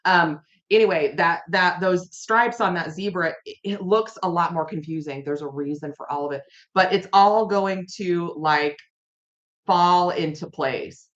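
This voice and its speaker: Speaking at a measured pace in a fairly low voice, a woman runs a relaxed tarot live stream from home. Her talk is chatty and meandering, circling back on itself as she answers chat. Sound quality is dull and lo-fi.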